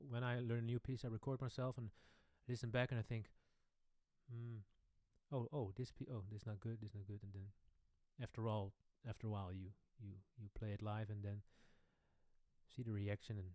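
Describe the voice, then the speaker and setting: A man hosting a casual live-stream Q&A, chatting with viewers in slightly non-native English and often trailing off softly. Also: lowish voice, dry recording. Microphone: studio microphone.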